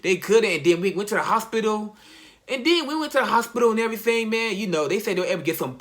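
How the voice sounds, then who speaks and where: A young man, a college athlete, telling a personal story in a casual, slang-heavy, halting way. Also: high-pitched, animated, fairly bright tone. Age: young adult.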